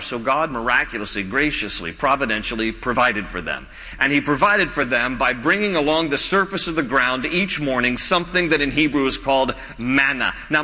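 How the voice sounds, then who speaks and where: A man preaching a sermon as pastor, animated, with joking asides and quick voices for the characters in the story. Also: fairly high pitch, long reverb tail, rough recording.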